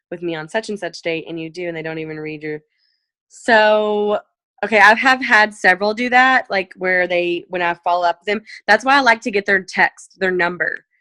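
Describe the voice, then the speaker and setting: A woman leading a casual sales coaching talk over a video call, chatty and full of "like" and "you know," perking up when she acts out messages. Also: dry recording. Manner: animated, jumps up in pitch when acting out messages. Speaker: direct sales team leader. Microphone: video call mic.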